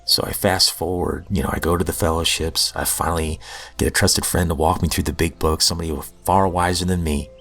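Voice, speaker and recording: A man's voice: deep voice, flat delivery, brisk, fairly bright tone, faint music behind. A man hosting a recovery podcast, telling his own story in an earnest, heartfelt, self-deprecating way. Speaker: podcast host. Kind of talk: personal recovery testimony.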